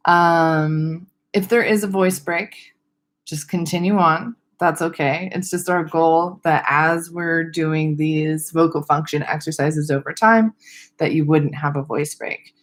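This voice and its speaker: A young woman teaching vocal exercises in a casual online webinar, relaxed and self-deprecating, with a little vocal fry at the ends of her sentences. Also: low voice, a little slow. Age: young adult. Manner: friendly, loose, laughs at herself, demonstrates vocal exercises. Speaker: speech therapist.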